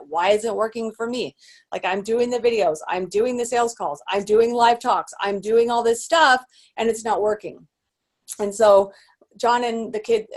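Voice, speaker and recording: A woman business coach telling her story in an animated motivational talk, full of restarts and fillers. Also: mid-range voice. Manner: animated, acts out quoted voices; rambling with many restarts and fillers.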